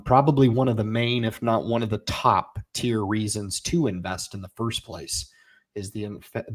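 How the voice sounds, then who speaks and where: Energetic man in his forties hosting. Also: lowish voice. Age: 40s. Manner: energetic, exhorting, folksy. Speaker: livestream host. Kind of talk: casual livestream chat reading comments.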